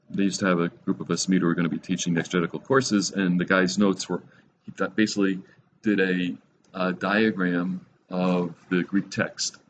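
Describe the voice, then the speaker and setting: A man teaching a Bible study class in a classroom, relaxed and rambling, with many fillers and restarts. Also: sits low. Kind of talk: classroom lecture. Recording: dull lo-fi recording with faint noise.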